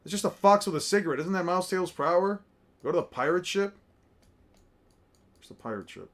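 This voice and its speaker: A streamer reacts to artwork with casual, profane commentary, muttering names and reactions as he scans a crowded picture. His voice is high-pitched and expressive, and he talks a little fast.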